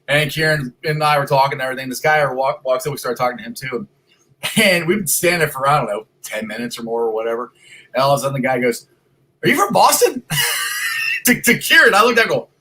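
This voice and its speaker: Excitable sports podcast host. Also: male voice, a little high, low-quality recording. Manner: loud, excitable, rambling with restarts. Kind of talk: casual sports talk show. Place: son's home, at a computer. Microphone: computer mic.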